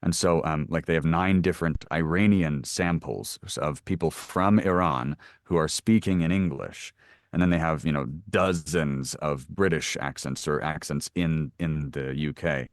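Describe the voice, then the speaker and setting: Deep-voiced man explaining his craft. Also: normal speed, no room sound, clean studio sound. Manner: thoughtful, explains at length with many fillers. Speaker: audiobook narrator. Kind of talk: conversational interview answers.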